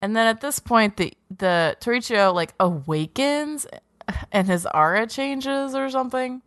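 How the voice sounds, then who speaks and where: A woman's voice: on the high side, lively intonation, unhurried, a bit bright, no echo, studio quality. A woman co-hosting an anime podcast, recapping episodes in a sarcastic, swearing, casual way and acting out characters' lines. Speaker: podcast co-host.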